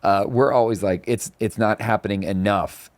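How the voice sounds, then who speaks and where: A man's voice: fairly low pitch, steady tone, moderate pace, darkish tone, no echo. A middle-aged man hosting a casual faith-based conversation, earnest and reflective, telling anecdotes with quoted dialogue. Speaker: podcast host and author.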